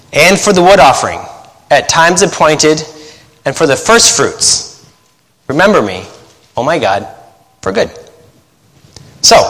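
A man, a pastor and missionary, preaching a sermon in a chatty way, laughing at his own stories and habitually talking fast while trying to slow down. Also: fairly high pitch, a bit bright, in a large hall. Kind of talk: sermon with joking asides.

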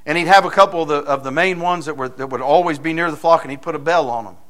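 A man preaching a sermon in a folksy storytelling manner, building to loud, emphatic points. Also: on the high side, fast talker. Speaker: pastor.

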